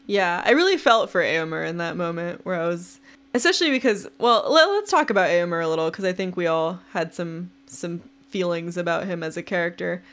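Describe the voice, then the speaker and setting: A woman's voice: lowish voice, expressive, a little fast, a bit bright, clean tone. Chatty young woman podcaster. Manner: chatty, uses many fillers, laughs easily. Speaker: podcast co-host. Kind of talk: casual book-club chat.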